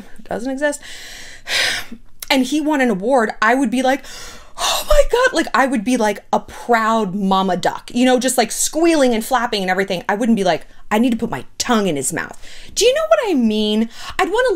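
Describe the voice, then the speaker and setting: A woman hosting casual gossip commentary, talking in an animated, candid and sarcastic way. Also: on the high side, a little fast. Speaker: pop culture commentary host.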